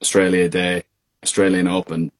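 A man with an Irish accent chats over a remote call as a guest singer. His voice sits on the low side, and he talks in a loose, relaxed way full of fillers and quick laughs. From Ireland. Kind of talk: casual interview chat.

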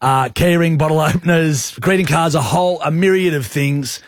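Husky Australian man hosting radio. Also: a little high, moderate pace, no echo, clean studio sound. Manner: jokey, teasing, laughs often. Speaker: radio host. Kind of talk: casual banter on breakfast radio. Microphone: studio microphone.

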